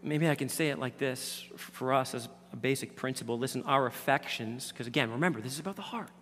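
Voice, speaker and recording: A man preaching a sermon as pastor, swinging from loud emphatic lines down to hushed near-whispers. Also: mid-range voice, fast, slight background noise. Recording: reverberant hall.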